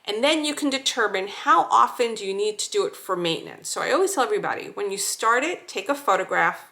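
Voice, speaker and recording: A woman calmly demonstrating a skincare routine, giving slow, reassuring step-by-step cues. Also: mid-range voice, vocal fry. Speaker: skincare instructor. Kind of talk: demonstration tutorial.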